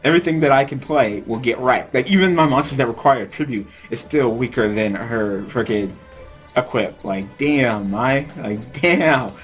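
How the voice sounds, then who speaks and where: A man's voice: medium pitch, normal speed, soft background music. A man casually commentating his gameplay, rambling with many fillers. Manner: rambling, filler-heavy, laughs often. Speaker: let's play host.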